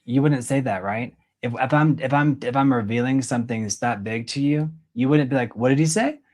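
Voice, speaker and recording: A man's voice: mid-range voice, brisk. A man coaching a young actor, explaining with lots of "like" and acting out line readings himself.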